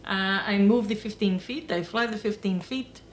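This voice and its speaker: Mid-pitched woman player, polite and curious. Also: moderate pace, a little hiss or hum. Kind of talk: playing a tabletop game.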